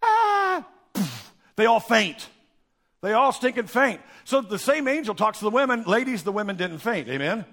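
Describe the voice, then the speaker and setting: Lively pastor preaching. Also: male voice, high voice, moderate pace, gravelly. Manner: animated, folksy storytelling with acted-out quotes. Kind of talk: sermon.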